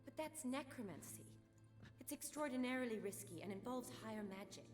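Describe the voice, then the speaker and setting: Woman voicing a calm precise young doctor, brisk, soft game music behind. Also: on the high side, close to an everyday voice. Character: composed young female field medic and doctor.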